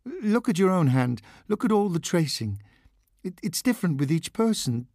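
Fortune-teller woman in a witch getup, coaxing and sing-song, pitched way up, as a male narrator puts her on, husky edge. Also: sing-song, normal speed, darkish tone, no echo, studio quality, full character voice. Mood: puzzled. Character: female fortune teller in witch costume, cheerful. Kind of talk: audiobook narration.

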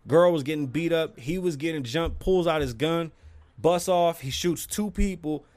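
A man's voice: fairly high pitch, moderate pace, no room sound. A man hosting his own podcast, talking casually and profanely and telling stories with lots of energy. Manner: profane, animated storytelling. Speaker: podcast host.

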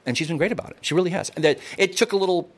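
A man's voice: sits high, racing. Rambling, swearing man in casual chat. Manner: rambling, swears freely, repeats words.

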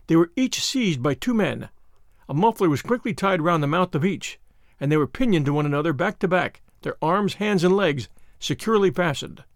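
Man, audiobook narrator, classic novel, measured storytelling, dry recording. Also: sits high, no echo. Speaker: narrator and host of a story podcast.

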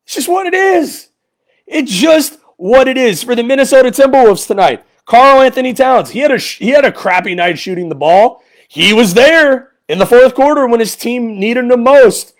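A man with a high-pitched voice hosts a solo sports podcast. He rants in frustration, sarcastic and repetitive, his voice rising even higher as he gets worked up. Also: moderate pace. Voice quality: voice goes high when angry. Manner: frustrated, sarcastic, repeats a player's name for emphasis. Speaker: podcast host.

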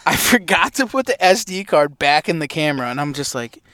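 Young dude telling a hunting story, cussing a lot, smooth clear voice, kinda high, dry close sound. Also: male voice, normal speed, dry recording. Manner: animated storyteller, swears a lot, acts out his own reactions. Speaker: podcast co-host. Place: inside a parked truck.

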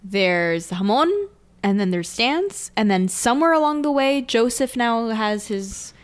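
A woman's voice: on the high side, expressive, unhurried. Giggly woman co-host, hesitant chat. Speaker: podcast co-host. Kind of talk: casual chat.

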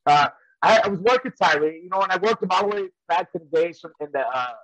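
A man's voice: sits high, lively intonation, brisk, fairly bright tone, poor audio. A man and former wrestler telling rambling stories in casual chat, often laughing as he goes. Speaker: professional wrestler and trainer.

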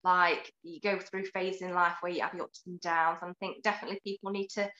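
A cheerful British woman chatting as a podcast guest in a bright, clear voice. Her audio sounds roomy and a little dull, as if it were recorded at a distance in an echoey room. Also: on the low side, little pitch movement, fairly quick. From United Kingdom. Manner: cheerful, upbeat, laughs easily. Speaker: guest, beauty YouTuber. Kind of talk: casual interview chat.

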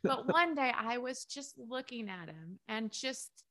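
A woman's voice: fairly high pitch, lively intonation, a little slow, a bit bright. A middle-aged woman speaking candidly and tenderly in a personal conversation, sometimes laughing through sad memories. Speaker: guest.

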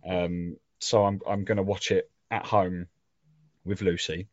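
A young man with a very low voice talks in casual podcast chat, rambling, self-deprecating and openly emotional. The sound is dry and close, a little dull in the highs. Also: little pitch movement, measured pace, dry recording. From England. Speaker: podcast co-host.

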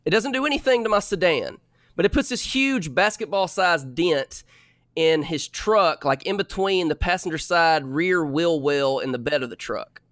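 Young male storyteller, exasperated and lively, slightly high, close dry mic. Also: moderate pace, no room sound. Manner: animated, exasperated retelling. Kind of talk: casual storytelling.

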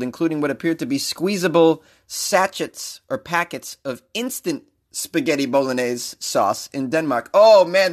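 A man's voice: a little high, a bit bright. A man hosting a comedic news podcast, rambling and joking in a self-mocking way. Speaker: podcast host.

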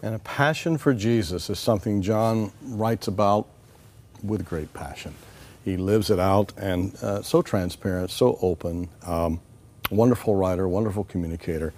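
A man's voice: low-pitched, normal speed, a little mellow. A man hosting a talk show interview, mostly affirming his guest with short interjections, then promoting a book. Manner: affirming listener, brief interjections. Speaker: host.

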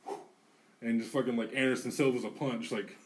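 Male podcast co-host, animated profane storyteller, set back from the mic in a studio. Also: mid-range voice, quick pace, recorded from a distance, a little hiss or hum. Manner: animated, profane, acts out quotes. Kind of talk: casual storytelling.

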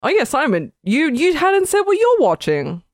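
A woman co-hosting a podcast in casual chat, excitable, laughing often and swearing. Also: sits high, moderate pace, no echo, studio quality. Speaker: podcast co-host.

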